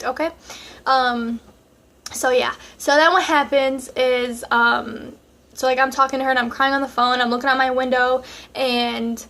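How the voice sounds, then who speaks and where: A woman's voice: sits high, fairly bright tone. A young woman vlogger telling a personal story in casual, chatty speech full of fillers, speaking straight to her viewers. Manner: chatty, many fillers, addresses viewers directly.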